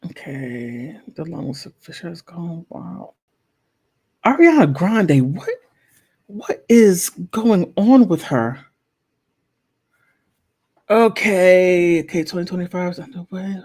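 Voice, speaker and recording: Slow, rambling woman vlogger at her computer. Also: lowish voice, lively intonation, a little mellow, slightly rough. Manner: slow, rambling, thinks aloud with many okays and restarts. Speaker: channel host. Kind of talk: casual live vlog while browsing online.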